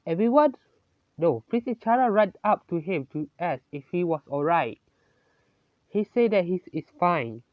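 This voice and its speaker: A slow, halting storyteller who improvises a fan story and keeps correcting themselves mid-sentence. The voice sits at an ordinary pitch and is close and dry, with no room sound. The recording is dull and lo-fi. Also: animated, dry recording.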